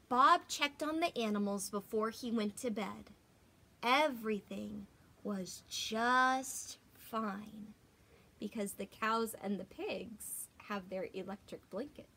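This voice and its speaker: A young adult woman teacher reading a picture book aloud to children, gentle and expressive with gasps and whispers. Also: mid-range voice, slow pace.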